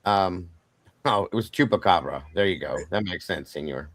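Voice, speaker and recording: A man's voice: deep voice, moderate pace, a bit bright, no room sound. A man hosting a casual true-crime livestream, talking bluntly with frequent swearing and repeatedly stressing that it is only his opinion. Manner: blunt and profane, keeps saying it is just his opinion. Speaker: livestream host.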